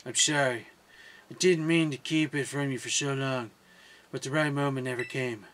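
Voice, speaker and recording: A man's voice: mid-range voice, steady tone, moderate pace, fairly bright tone, close to an everyday voice. A man reading aloud the lines of a secretive young female team leader. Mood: sincere.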